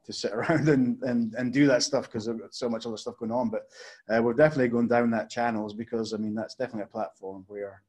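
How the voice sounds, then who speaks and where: A man's voice: mid-range voice, steady tone, fast talker, darkish tone. A man, a startup co-founder, talking enthusiastically in a casual webinar and repeating words as he thinks aloud.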